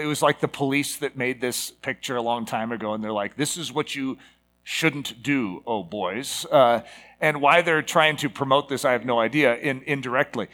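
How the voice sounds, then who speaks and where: In his fifties, a man gives a casual, conversational sermon to a live congregation, full of fillers and rhetorical asides. His voice is on the high side and a bit bright.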